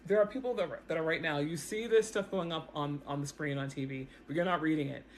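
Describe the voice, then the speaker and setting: A woman in a self-recorded video, commenting on the news in a casual, animated way, often repeating herself as she talks straight to her viewers. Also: deep voice, fast, a little hiss or hum. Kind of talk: casual explanatory commentary to camera. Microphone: self-recorded camera setup.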